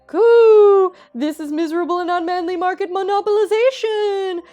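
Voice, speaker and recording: A brash, simple-minded male pigeon, voiced by a woman squawks his lines much higher than her normal voice, loud and blaring. Faint music runs behind. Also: normal speed. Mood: outraged. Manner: shrill, shouty, outraged. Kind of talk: reading a visual novel aloud.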